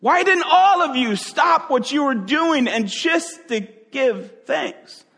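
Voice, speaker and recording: Jesus, exasperated and questioning, played by a male preacher, raised pitch, reverberant hall. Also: very animated, slow, slightly rough, heavily acted. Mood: aggravated. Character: Jesus, puzzled and aggravated teacher.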